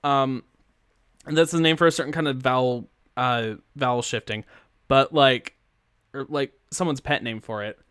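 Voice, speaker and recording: A man casually chats and rambles while streaming a game, giggling often into a close mic with a pop filter. His medium-pitched voice is fairly bright and clean, with fairly even intonation and a moderate pace, and the recording is dry.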